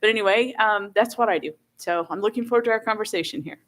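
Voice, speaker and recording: A woman's voice: medium pitch, fast talker, fairly bright tone, slight background noise. A woman in her fifties from the Midwest, a government safety official, introducing herself on a conference panel in a chatty, self-deprecating way. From American Midwest. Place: hotel ballroom conference session.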